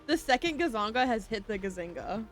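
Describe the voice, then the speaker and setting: A woman's voice: fairly high pitch, lively intonation, brisk, fairly bright tone. A young woman streaming a shop game, chatting casually and giggly, reading chat aloud and slipping into a playful whiny voice. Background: game music.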